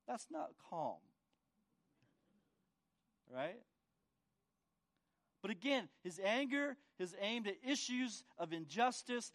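This preacher's voice sits high and sing-song, moving a little slowly with long pauses. During his sermon he restarts by repeating words and keeps seeking the congregation's agreement with tag questions.

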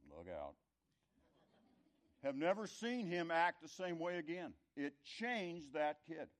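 A middle-aged or older man telling a folksy, rambling story in a conversational sermon, his loudness rising and falling. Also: a little high, big pitch swings, slow pace. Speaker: speaker telling a story to an audience.

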